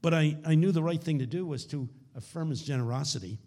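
A man giving a conference keynote sermon, telling stories dramatically and dropping to hushed lows. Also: quick pace. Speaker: keynote speaker. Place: conference hall.

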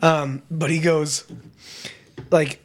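A young man co-hosting a casual podcast, telling a story with lively mimicry of other people. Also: slow. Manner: animated storyteller, mimics others with sudden high voices. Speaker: podcast co-host.

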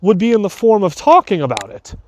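A man's voice: high-pitched, huge pitch swings, a little fast, darkish tone, slight background noise. A man coaching in a loose, rambling way, full of asides and restarts, giving relationship advice. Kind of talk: casual advice talk.

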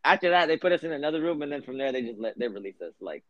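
A man's voice: medium pitch, very animated, rapid-fire, no echo. Rambling young man telling a podcast story. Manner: rambling, heavy "like" fillers, profane. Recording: dull lo-fi podcast audio.

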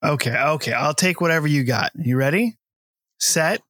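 A man's voice: on the high side, normal speed, a bit bright, dry recording. A man hosting a casual film podcast, easygoing and jokey, laughing often. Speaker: podcast host.

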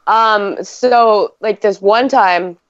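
A woman's voice: mid-range voice, drawn-out words, no room sound, lo-fi sound. A woman and mother, telling a story in casual chat, rambling with lots of "like" and swearing.

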